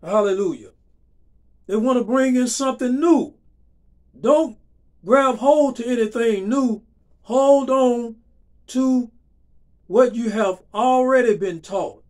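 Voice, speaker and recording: A male preacher delivering a sermon in a high voice. He speaks slowly and deliberately. He hammers home his points by repeating key phrases. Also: a little mellow. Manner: emphatic, repeats phrases for stress, slow and deliberate.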